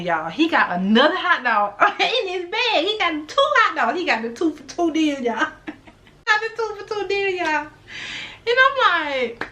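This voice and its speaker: A woman in her late twenties at a middle pitch tells a story straight to her viewers. She is blunt and animated, swears freely, and hammers her points home by saying them again. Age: late 20s. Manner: repeats lines for emphasis. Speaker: vlogger. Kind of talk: casual story time monologue.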